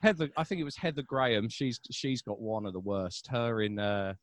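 A man's voice: mid-range voice, normal speed, dry recording. Laughing South London man, dry close sound. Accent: South London English. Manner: animated storyteller, laughs often. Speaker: stand-up comedian guest. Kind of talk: casual podcast chat.

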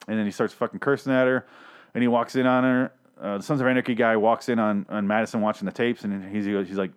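A man hosting a casual TV episode recap, rambling, profane and opinionated as he talks. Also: medium pitch. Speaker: podcast host.

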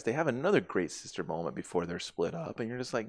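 A man's voice: medium pitch, very animated, quick pace, no echo, studio quality. A man in casual podcast chat, retelling film scenes and acting out the characters' lines with plenty of swearing. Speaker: podcast co-host. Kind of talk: casual movie recap chat.

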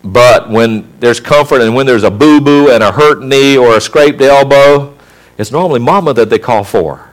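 Middle-aged man, pastor preaching, rising emphatic delivery, mid-pitched voice. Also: normal speed. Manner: preaching with rising emphasis, mimics children and mothers. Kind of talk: sermon.

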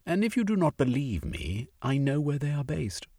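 A man's voice: on the high side, sing-song, normal speed, a little mellow, dry recording, studio quality, pitched above the performer's own voice. A man doing an impassioned young aristocrat. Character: passionate young male aristocrat turned radical.

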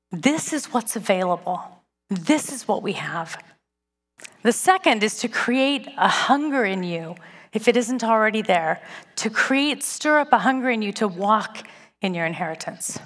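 A woman giving a sermon to a church audience, conversational and self-deprecating, telling stories in an animated way. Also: on the high side, big-room sound. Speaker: speaker at a church gathering.

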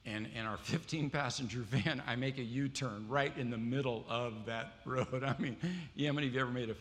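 A man's voice: medium pitch, fairly even intonation, brisk. Man preaching in a reverberant hall. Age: adult with wife and kids. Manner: storytelling, quizzing the audience with questions. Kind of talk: sermon to a congregation. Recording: long hall reverb, faint ambience.

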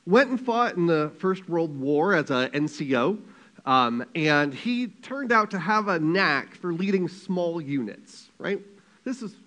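A man preaching a sermon as a pastor, telling a story in a lively, conversational way with quick asides. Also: on the high side.

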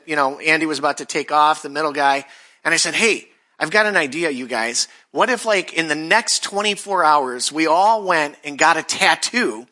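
A man in his forties giving a casual, story-filled sermon as pastor, conversational and self-deprecating. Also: a little high. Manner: conversational, self-deprecating, animated when quoting others.

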